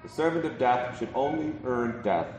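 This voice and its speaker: A man's voice: medium pitch, animated, normal speed. Guy giving a sermon, lots of ums and "right?", echoey hall, faint room noise. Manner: conversational, many ums and restarts, frequent "right?". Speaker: preacher. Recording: roomy hall from a distance.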